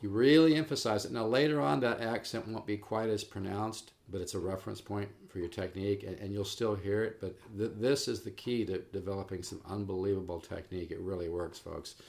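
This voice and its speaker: Low gravelly man teaching guitar. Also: a little fast, hardly any pauses. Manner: relaxed, encouraging, addresses viewers as folks. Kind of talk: casual video guitar lesson. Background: guitar playing.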